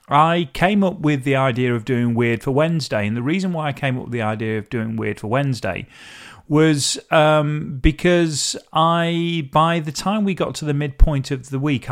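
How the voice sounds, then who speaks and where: A man hosting a casual solo podcast, talking in a rambling, chatty way and often correcting himself mid-sentence. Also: a little high. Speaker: podcast host.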